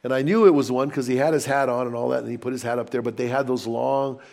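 A man preaching a sermon in a conversational, storytelling way with animated asides. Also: medium pitch, fast, creaky. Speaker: pastor.

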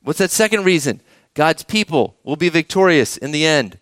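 A man's voice: fairly high pitch, expressive, normal speed, fairly bright tone, no room sound, clean studio sound. A man preaching a sermon, reading scripture aloud and asking the children in the congregation questions. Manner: engaging, asks the children questions. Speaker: pastor.

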